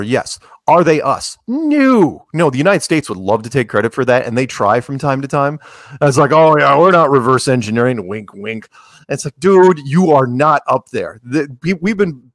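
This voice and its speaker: A man in the middle pitch range talks loosely through a podcast interview, stacking up tangents and tossing in jokes and quick voiced asides. The sound is dry and close, with no room around it. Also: no echo. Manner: rambling, joking, animated asides. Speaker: podcast guest. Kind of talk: casual interview talk.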